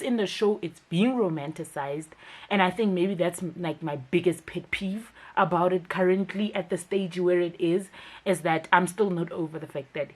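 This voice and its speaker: A woman's voice: on the low side, husky. Emphatic woman vlogging. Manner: emphatic and chatty, with frequent fillers. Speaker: TV series reviewer. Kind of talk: casual commentary vlog.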